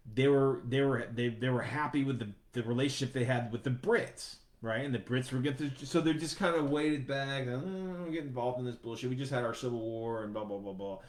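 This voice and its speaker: A man hosting a podcast, talking in a rambling, profane, animated way. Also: medium pitch, roomy sound. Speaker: podcast host. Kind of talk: casual chat.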